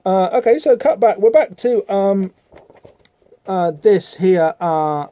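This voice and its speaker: A man's voice: sits high, expressive, slow, mellow, dry recording. Chatty man, muffled sound. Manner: rambling, chatty, many fillers, reads out dialogue in voices. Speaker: podcast host. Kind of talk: casual comic-book discussion.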